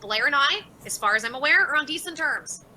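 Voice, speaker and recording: A woman's voice: sits high, animated, fairly quick, sharp tone, slight background noise, low-quality recording. A woman hosting a casual livestream, reading out viewer chats and answering them by name in a sarcastic, laughing way. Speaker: livestream host.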